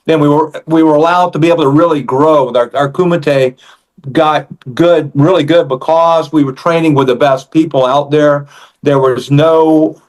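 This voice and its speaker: An older man, a karate instructor on a podcast, speaking in a halting way and repeating words as he recalls things. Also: on the high side, steady tone. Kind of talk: casual chat.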